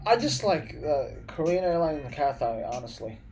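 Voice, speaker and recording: A young man from the Philippines who was raised in the US chats casually with viewers on a live stream, speaking with an American accent. His voice is on the high side, very animated, moderately paced and a little mellow, with soft background music. He keeps saying "bro" and "man" and frequently restarts his sentences.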